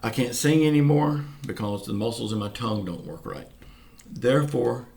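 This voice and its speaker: A channel host from Pensacola, Florida, with a Southern US accent, gives a casual direct-to-camera video update in a folksy, earnest way, saying "y'all" again and again. His medium-pitched voice is expressive, gravelly and a little mellow, at normal speed, and some words come out slurred.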